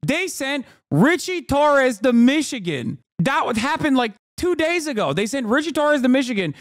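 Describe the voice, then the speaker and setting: A man in his thirties, a streamer reacting to a clip, ranting in exasperated, profane disbelief and shouting at times. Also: extremely high pitch, very animated, moderate pace, no room sound, clean studio sound. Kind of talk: angry ranting commentary.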